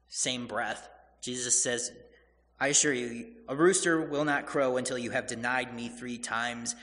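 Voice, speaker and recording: Bright-voiced man preaching in a hall. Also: mid-range voice. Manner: retells scripture in casual voiced paraphrase, acting out Jesus and Peter. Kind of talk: sermon.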